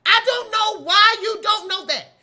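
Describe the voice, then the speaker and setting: A woman's voice: very high-pitched, measured pace, pushed and bright. A middle-aged woman hosting a casual commentary show, sassy and scolding, breaking into laughs as she lectures. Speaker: host.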